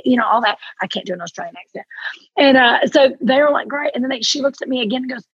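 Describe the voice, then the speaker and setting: A Kentucky woman with a Southern drawl chats on a podcast, her voice very husky with a gravelly fry. She tells stories with animation and acts out what people said. The sound is dry and a little muffled. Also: mid-range voice, quick pace, no echo. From Eastern Kentucky. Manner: animated storyteller, acts out quotes. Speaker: podcast guest. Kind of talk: casual interview chat.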